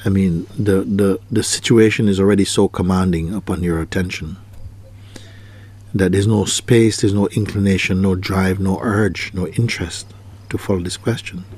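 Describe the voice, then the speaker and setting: A man's voice: sits low, steady tone, moderate pace, a little mellow, husky. A man giving a spiritual talk as a teacher, asking probing questions and often repeating his phrases. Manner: questioning, repeats phrases, acts out quoted people.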